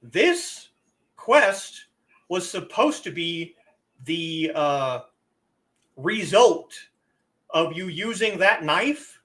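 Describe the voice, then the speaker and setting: A man's voice: high voice, sharp tone. A man streaming a game, talking casually and poking fun at himself. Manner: chatty, self-deprecating.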